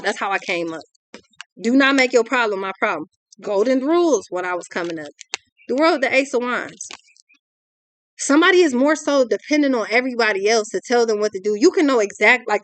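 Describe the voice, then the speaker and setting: A woman's voice: a little high, dry recording. A young adult woman, giving a ranting tarot reading in a blunt, exasperated, profane way. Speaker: tarot reader.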